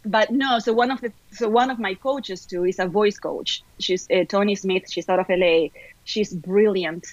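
A middle-aged actress, chatting in an upbeat way as a podcast guest, talking fast in bursts. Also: female voice, mid-range voice, no echo, highs cut off. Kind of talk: casual podcast chat.

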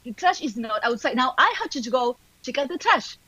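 A woman putting on a shrill nagging wife. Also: sing-song, a little fast, sharp tone, no room sound, highs cut off, full character voice. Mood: scolding. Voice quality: shrill, exasperated, repetitive nagging. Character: scolding nagging wife, middle-aged woman.

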